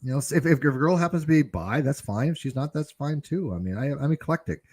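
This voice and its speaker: A high, expressive male voice rattles through a loose, profane conversation as the show's host. His pitch swings widely. The sound is dry, with no room around it. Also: brisk, dry recording. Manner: rambling, animated, profane. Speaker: show host. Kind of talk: casual chat.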